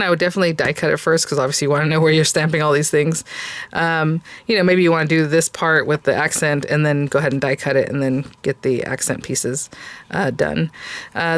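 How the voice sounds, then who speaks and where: With a low, clean-toned voice, this woman hosts a craft video and chats about the kits she's unboxing. She's casual and enthusiastic, with lots of fillers and restarts along the way.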